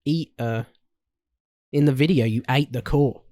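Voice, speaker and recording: A young man, co-hosting a podcast, chatty and quick to chime in during casual banter. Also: medium pitch, a little mellow. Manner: chatty, quick to agree and interject. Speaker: podcast co-host.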